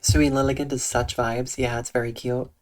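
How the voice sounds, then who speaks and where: A streamer chatting calmly and softly with viewers on a live stream, using eloquent diction and a dry, deadpan delivery. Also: mid-range voice, fairly quick. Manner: soft, calm tone with eloquent diction. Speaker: Twitch streamer. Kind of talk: casual livestream chat reading out viewer comments.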